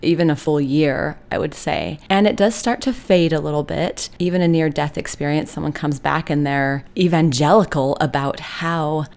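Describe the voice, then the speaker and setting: Middle-aged woman, low voice, earnest heartfelt storytelling, reflective. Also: steady tone, normal speed, vocal fry, hardly any pauses, darkish tone. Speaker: hypnotherapist. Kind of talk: personal storytelling on a podcast.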